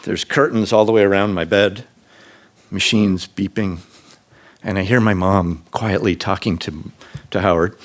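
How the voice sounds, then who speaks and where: A man in his fifties or sixties telling a true story on stage to a live audience, casual and unscripted, jumping to a high excited voice when he quotes himself. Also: measured pace. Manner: casual, with fillers and restarts. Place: stage in a public venue.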